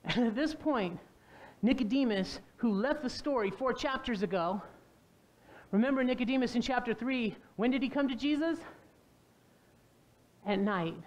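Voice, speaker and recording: A woman pastor preaching a sermon, telling the story with animation and putting questions to the congregation. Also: on the high side. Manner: animated storytelling, acting out quoted voices.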